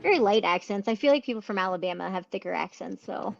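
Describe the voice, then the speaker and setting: A woman's voice: mid-range voice, lively intonation, fast talker, vocal fry. Chatty woman podcast host, muffled. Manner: chatty interviewer. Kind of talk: casual interview. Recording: slightly muffled audio.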